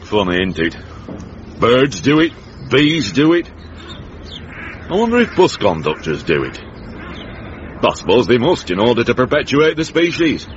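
A man's voice: medium pitch, big pitch swings, unhurried, long pauses, a little hiss or hum. An actor playing a grumpy older northern man in a radio comedy, with a Northern English accent, dry and boozy. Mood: musing. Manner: dry, boozy, mock-grand oratory. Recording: dull lo-fi radio broadcast.

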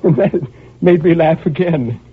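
Radio drama: a tormented imprisoned murderer, husky, intense, brooding to anguished; old tinny broadcast sound. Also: male voice, on the high side, unhurried. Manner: intense, surging from brooding murmurs to anguished cries. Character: tormented male murderer pacing his prison cell.

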